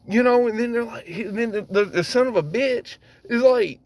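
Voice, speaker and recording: A man's voice: very high voice, moderate pace, few pauses, no echo. A man ranting casually to camera, rambling, swearing heavily and laughing at himself as he goes. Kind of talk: casual profane rant.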